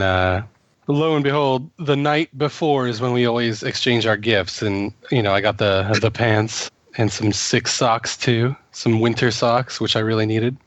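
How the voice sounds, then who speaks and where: A man's voice: lowish voice, fairly bright tone, no echo, highs cut off. Stuffy-voiced man telling crude stories. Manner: crude, joking storyteller. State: stuffy from a cold. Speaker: podcast co-host, tattoo artist. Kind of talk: casual podcast chat.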